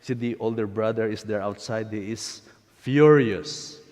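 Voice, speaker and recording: A man, a priest, giving a sermon and retelling a story in an unhurried way, pausing with fillers. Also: on the low side, a little mellow. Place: church. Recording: long church reverb.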